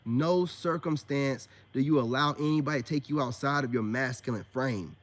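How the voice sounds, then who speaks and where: A man's voice: mid-range voice, normal speed. Emphatic man preaching in street slang. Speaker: self-styled spiritual coach. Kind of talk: casual preachy monologue to camera.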